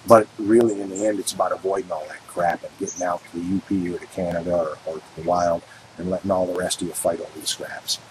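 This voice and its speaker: A man's voice: low voice, a little mellow, a little hiss or hum, low-quality recording. A man hosting a radio show, delivering a blunt and emphatic political monologue that hammers its points through repetition.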